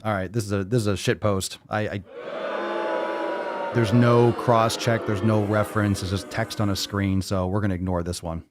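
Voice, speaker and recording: A man's voice: lowish voice, fairly even intonation, normal speed, very noisy. A man hosting a podcast in casual chat, reading posts aloud and rebutting them in a blunt, profane, mocking way. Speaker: podcast host.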